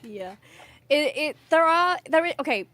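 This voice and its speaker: An English woman with a southern accent that is hard to place, chatting as a guest on a stream. She is bubbly and giggly, and she rambles from one point to the next. Her voice sits a little high. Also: expressive, measured pace, bright, forceful tone. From England. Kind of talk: casual chat on a stream.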